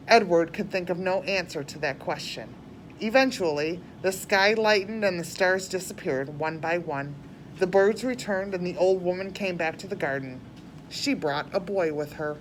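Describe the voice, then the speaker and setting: A woman's voice: fairly low pitch, normal speed, a little hiss or hum. Woman reading a storybook aloud, plain delivery, small restarts. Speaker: reader.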